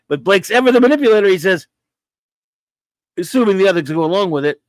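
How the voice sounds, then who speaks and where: Man, casual chat, rambling and eager, slightly high voice, dry close sound. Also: expressive, fast talker, dry recording. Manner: rambling and enthusiastic, acts out quoted dialogue.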